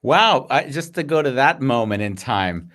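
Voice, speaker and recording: A man's voice: mid-range voice, lively intonation, a little slow, fairly bright tone. A man hosting a live podcast, enthusiastic and reflective, drawing out the guest and sharing stories of his own. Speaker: podcast host. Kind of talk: casual live interview chat.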